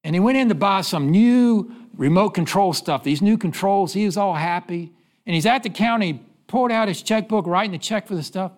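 A man preaching a sermon, telling stories and asking the congregation questions, then dropping low to give the answers. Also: fairly quick. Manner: preaching with call-and-response questions and sudden drops to a low voice. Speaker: pastor.

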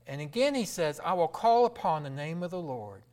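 A middle-aged preacher man delivers a sermon in a fairly high voice. He swings from fervent, raised declarations to hushed, near-whispered asides, full of dramatic contrast. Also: big pitch swings, normal speed.

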